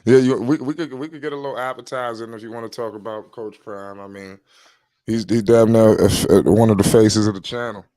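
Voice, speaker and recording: A laid-back man with a low voice hosts a casual chat and fills his talk with "you know". The sound is dry and close. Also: steady tone, fairly quick, mellow, no echo.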